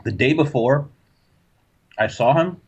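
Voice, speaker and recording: A man's voice: mid-range voice, a little slow, breathy edge. A man on a casual radio show, telling a long story in a rambling way with many restarts and curses. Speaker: co-host. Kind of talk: casual podcast chat. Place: home living area. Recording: dull lo-fi audio.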